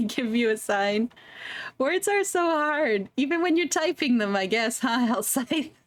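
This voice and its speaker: A woman's voice: a little high, lively intonation, takes it slowly, no room sound. A woman streamer chatting casually and giggling as she plays a game, reading its text aloud. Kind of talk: casual gameplay commentary.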